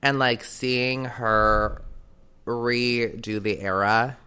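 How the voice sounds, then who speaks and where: A man co-hosting a podcast, telling a story in casual chat with excited, rambling energy and lots of "like". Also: medium pitch, drawn-out words, clear, resonant tone. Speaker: podcast co-host.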